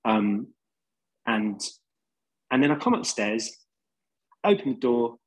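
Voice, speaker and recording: A man from London who sings in a band tells laid-back, rambling stories on a podcast, heavy with fillers. He speaks slowly in a mid-range voice with big pitch swings and a breathy edge, on a low-quality recording.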